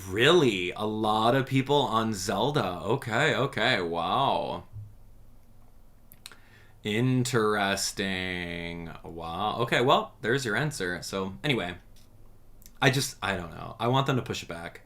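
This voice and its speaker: A man's voice: lowish voice, moderate pace. A man hosting a casual livestream, chatting with viewers and ranting emphatically about games. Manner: animated, emphatic, rants with "dude" and "man". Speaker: livestream host reacting to a game showcase.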